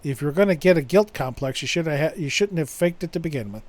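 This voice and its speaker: A man voicing a brash gangster, gruff, mocking, animated. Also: fairly high pitch, fast. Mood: scolding.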